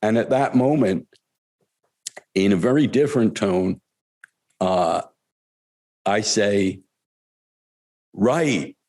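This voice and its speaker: An older man telling spiritual stories in a thoughtful, reflective way, pausing often and chuckling as he goes. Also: lowish voice, a little mellow. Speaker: spiritual storyteller. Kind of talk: reflective storytelling talk.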